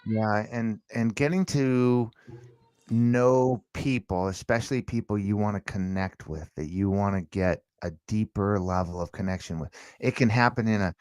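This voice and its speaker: A man's voice: lowish voice, moderate pace, a little mellow, clean tone, dry recording. A man as a podcast guest, telling stories animatedly and acting out the dialogue. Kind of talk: casual interview chat.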